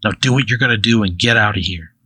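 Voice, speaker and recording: Casting note: a man playing a proud, broke old cobbler in a tabletop game, low bright voice, slow and earnest, dry sound. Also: breathy edge. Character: weary old male cobbler, poor and proud.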